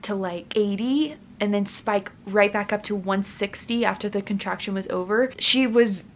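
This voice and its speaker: A woman's voice: medium pitch, normal speed, a little hiss or hum. A young woman in her twenties, a family vlogger, earnestly recounting a personal experience in a casual, chatty way with lots of "like" fillers. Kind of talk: casual personal storytelling to camera.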